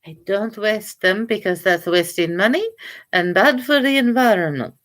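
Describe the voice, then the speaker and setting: A woman's voice: mid-range voice, moderate pace, a bit bright. A woman selling online, chatting casually on a live stream while packing orders and baby-talking to her pets. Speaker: online seller.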